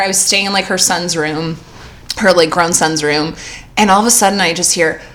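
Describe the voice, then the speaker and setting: A woman's voice: medium pitch, bright, forceful tone. Chatty young woman telling stories. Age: young adult. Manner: rambling, heavy use of "like", laughs often. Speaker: podcast co-host. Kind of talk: casual chat, storytelling.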